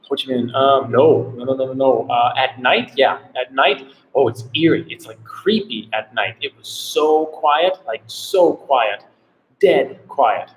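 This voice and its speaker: A man hosting a laid-back live travel Q&A stream, talking at a middling pitch. He rambles and leans on "like" between his thoughts. A faint hiss of noise sits under his voice. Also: a little slow, low-quality recording. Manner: rambling, heavy on "like" fillers. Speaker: travel vlogger host. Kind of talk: casual live Q&A chat.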